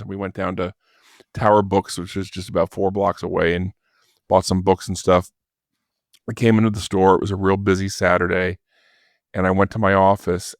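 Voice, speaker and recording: Older man with a low voice telling a story. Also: no room sound, studio quality. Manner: lively storyteller who acts out quoted voices. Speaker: podcast guest, former record store manager. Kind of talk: casual anecdote telling.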